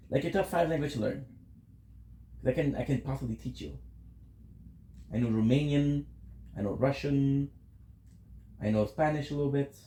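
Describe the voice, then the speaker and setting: A man's voice: mid-range voice, warm tone, echoey room. A tired man chatting casually with his viewers while streaming a game, rambling and answering questions from chat.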